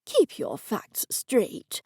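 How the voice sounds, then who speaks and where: A woman's voice: extremely slow, mellow, no room sound, clean studio sound. A woman voicing a condescending male talking cat who is really a cursed ancient wizard. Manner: condescending, bossy.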